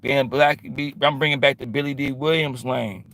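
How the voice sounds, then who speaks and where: A man's voice: mid-range voice, fairly even intonation, normal speed, gravelly, a bit bright, no echo. A man talking in a rambling, streetwise monologue, full of slang, who keeps drifting into quoting other people. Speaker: vlogger. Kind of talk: casual monologue.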